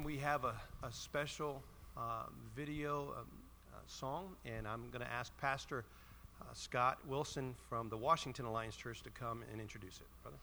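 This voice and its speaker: A man's voice: mid-range voice, fairly even intonation, moderate pace, bright, forceful tone. A man pastor giving a solemn Good Friday sermon and prayer, reading prepared words earnestly.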